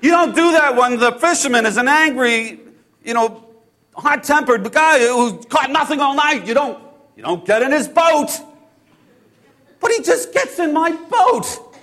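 A man playing Peter, a hot-tempered fisherman, telling his story in the first person with halting, repeated words, hushed one moment and loud and exasperated the next. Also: extremely high pitch, animated, full character voice. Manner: swings between hushed awe and loud exasperation. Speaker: actor in a first-person biblical monologue.

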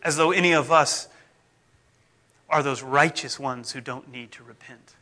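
A middle-aged man, a pastor, preaching in a conversational, self-deprecating way whose phrases often fade off softly. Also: medium pitch, a little slow. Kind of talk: sermon.

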